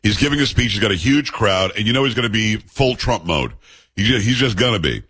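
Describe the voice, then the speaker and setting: A man's voice: on the low side, animated, fairly quick, sharp tone, breathy edge. A man hosting a talk radio show, teasing and rambling in casual banter. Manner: teasing, rambling, laughs a lot. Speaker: radio host.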